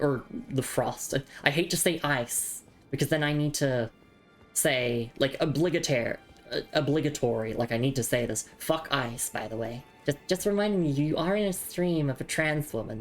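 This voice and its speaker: Very low-voiced Australian woman streaming. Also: normal speed, soft background music. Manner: chatty and stammering, often repeats words. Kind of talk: casual live game commentary.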